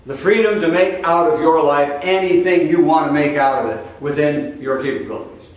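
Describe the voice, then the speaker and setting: A man's voice: fairly high pitch, moderate pace. An older man giving a folksy, conversational sermon as a spiritual teacher, full of asides and rhetorical questions. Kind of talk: spoken sermon. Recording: roomy echo, speaker far from the mic.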